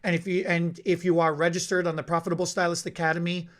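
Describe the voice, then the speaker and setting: A man hosting a live stream, talking in a halting way with many repeated words. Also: fairly high pitch, little pitch movement. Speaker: podcast host.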